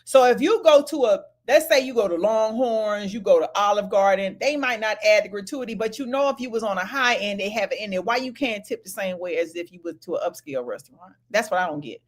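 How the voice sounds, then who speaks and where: A woman, co-hosting a casual chat and telling stories in an animated way, laughing often. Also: medium pitch, brisk, hardly any pauses. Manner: animated storytelling, laughing, loud retorts. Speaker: podcast co-host.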